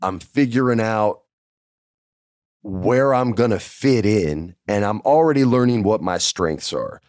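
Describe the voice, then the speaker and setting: Deep-voiced man telling a casual story. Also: expressive, unhurried, darkish tone, dry recording, clean studio sound. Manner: chatty, acts out quoted dialogue. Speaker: podcast host. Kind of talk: casual first-person storytelling.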